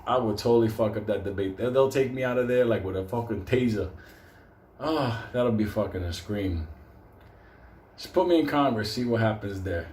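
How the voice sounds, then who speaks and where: A man's voice: fairly low pitch, normal speed, a little mellow. A man rambling in a casual rant, swearing constantly and breaking into laughter as he jokes. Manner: profane, laughs often, loose and joking. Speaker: host. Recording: roomy echo, faint background noise.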